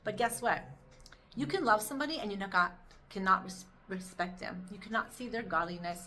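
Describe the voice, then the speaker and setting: A woman giving an inspirational Torah talk, telling a personal story in an animated, expressive way. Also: mid-range voice. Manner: animated storytelling, rising to excited peaks. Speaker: Torah teacher.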